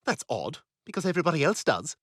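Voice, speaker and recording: A man's voice: a little high, sing-song, fast talker, fairly bright tone, no echo, studio quality. An actor voicing a snobbish, catty toddler boy who talks in a pompous, sarcastic way. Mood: indignant.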